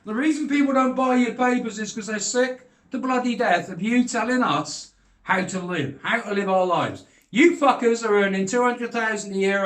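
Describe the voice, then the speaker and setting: Older british bloke ranting and swearing, high voice, echoey room. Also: male voice, a bit bright. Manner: sweary, blunt, heated. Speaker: vlogger. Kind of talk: ranting monologue.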